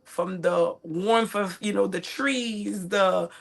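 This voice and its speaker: A woman in her forties, a guest chef, telling her life story in a casual, animated interview. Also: mid-range voice, slow, creaky. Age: 40s. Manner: animated, acts out family quotes.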